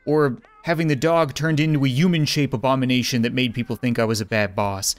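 A man's voice: medium pitch, fairly even intonation, brisk, no echo. Sarcastic young man joking over gameplay. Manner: sarcastic, laughs often. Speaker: gaming commentator. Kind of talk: casual gameplay commentary.

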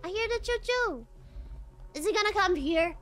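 Excitable female game streamer at home: high, lively voice with jumpy shrieks. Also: moderate pace. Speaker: VTuber streamer. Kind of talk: casual gameplay commentary.

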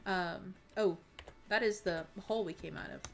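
A woman's voice: lowish voice, moderate pace, creaky, slight background noise. A woman streaming a game, talking in a rambling, earnest way with many fillers and restarts. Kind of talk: casual stream chat.

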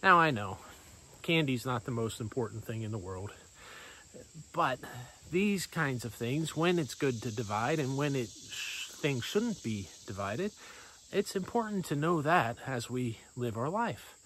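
A man giving a sermon as a pastor, in a playful, conversational storytelling manner with lively swings in voice. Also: mid-range voice, a little slow, a little hiss or hum, rough recording.

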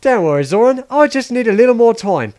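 A man voicing a nervous, sleazy young henchman who talks high, fast and stammering in a comedic fan parody. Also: very animated, darkish tone.

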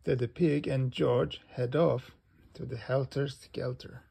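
Slow, gravelly man reading a children's book. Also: mid-range voice, background noise. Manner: slow and animated. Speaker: storybook reader.

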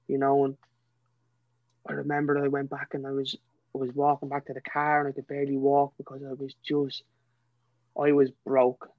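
An earnest young man with a Dublin Irish accent, recounting his own story as a podcast guest. His voice stays fairly level in pitch as he speaks with feeling, leaning on "you know" between thoughts. The sound is dry and a little dull and lo-fi. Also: monotone, moderate pace, pauses often, no room sound. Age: young adult. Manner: earnest, emotional, fills talk with "you know". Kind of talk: personal storytelling.

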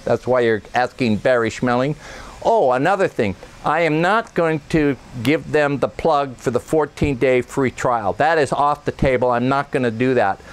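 A man's voice: medium pitch, clean tone, close to an everyday voice. A man voicing a brash, pushy male voiceover celebrity who rants indignantly. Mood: impatient. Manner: ranting, indignant, fast-talking.

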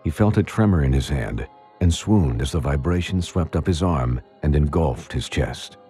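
Male narrator, very deep voice, lively pitch, dark husky tone, faint music under. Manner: dramatic, measured storytelling. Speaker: audiobook narrator. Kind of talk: scripted narration.

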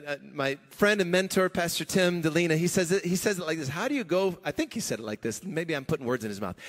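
A man with a high voice preaches in a church sanctuary, and his words ring with a long hall reverb. He talks conversationally and with emphasis, breaking into chuckles and starting lines over. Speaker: pastor. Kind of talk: sermon.

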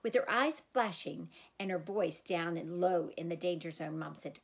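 Female audiobook narrator, expressive and girlish first-person telling. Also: on the low side, normal speed, gravelly, hardly any pauses, breathy edge.

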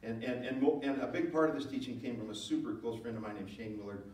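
A male pastor preaching a sermon, moving between loud emphatic lines and low, quiet asides. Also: steady tone, fast. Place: church sanctuary. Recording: very echoey hall, voice from far off.

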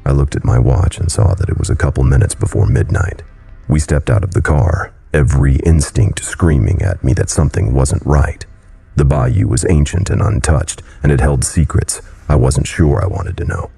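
A man narrating a horror story in a scripted reading style, with a deep, gravelly voice. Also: moderate pace, warm tone, faint music behind.

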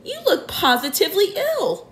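A woman's voice: very high voice, wildly swooping pitch, moderate pace, pitched above the performer's own voice, full character voice. A woman voicing a friendly old male grasshopper in a storybook reading. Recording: roomy echo.

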